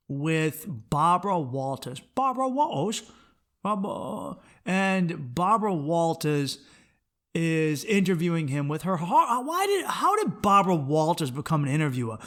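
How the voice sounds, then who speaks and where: A man's voice: on the high side, big pitch swings, unhurried, a bit bright. A man hosting a comedy podcast alone, ranting bluntly and swearing a lot. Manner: profane, blunt, opinionated. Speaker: podcast host. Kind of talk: solo comedic rant.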